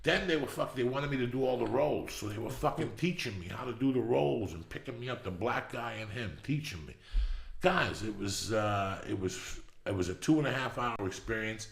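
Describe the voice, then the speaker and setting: Gravelly, profane storyteller man. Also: medium pitch, animated, normal speed, reverberant. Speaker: podcast host. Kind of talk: storytelling monologue.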